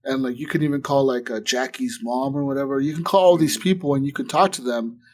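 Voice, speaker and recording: Talking at a quick pace, a podcast co-host tells a long story in a loose, rambling way during a casual conversation. His middle-pitched voice is full of "like" and swearing as he acts out what the other people said.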